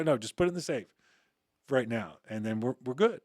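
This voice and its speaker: Give me a man at mid pitch telling a story as an interview guest. He acts out the voices in his anecdote, trips over his sentences now and then, and sounds close and dry with no room echo. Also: quick pace. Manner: animated anecdote-telling, acting out quoted dialogue with frequent restarts. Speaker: interview guest, former uniformed security officer. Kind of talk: storytelling in casual conversation.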